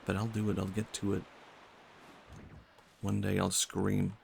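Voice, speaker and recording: A young man with a Swedish accent and vocal fry, chatting softly and musing aloud while streaming a game. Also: on the low side, monotone, measured pace, slight background noise. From Sweden. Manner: soft-spoken, musing, talks to chat. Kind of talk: casual game-stream chat.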